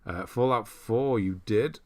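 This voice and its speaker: Guy on a livestream, deep voice, rambling chatty, laughs a lot. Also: measured pace, a little mellow. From United Kingdom. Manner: chatty, thinks aloud, laughs often. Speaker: streamer. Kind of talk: casual livestream chat reading viewer lists.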